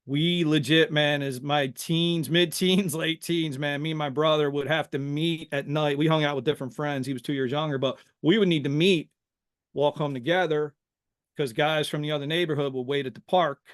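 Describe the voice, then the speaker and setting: Middle-aged guy from philly, podcast guest telling old stories, says "man" a ton, smooth fairly high voice. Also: normal speed. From Philadelphia, USA. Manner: animated, says "man" constantly. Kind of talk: casual storytelling interview.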